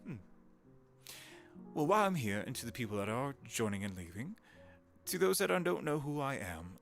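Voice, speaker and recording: A man's voice: mid-range voice, big pitch swings, normal speed, vocal fry, long pauses, faint music behind. A man in his thirties, a voice actor chatting casually and rambling on a live stream, greeting viewers.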